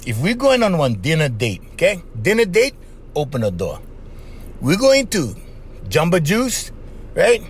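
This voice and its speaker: A man hosting a podcast, giving casual advice in an animated monologue, laughing often and acting out little voices. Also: fairly high pitch, slight background noise. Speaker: podcast host.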